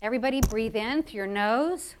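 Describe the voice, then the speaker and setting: High-voiced woman coaching a breathing workshop. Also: a little fast, background noise. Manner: coaching, encouraging, playful. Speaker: public speaking instructor. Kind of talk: live voice workshop with audience exercises. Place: lecture hall with audience.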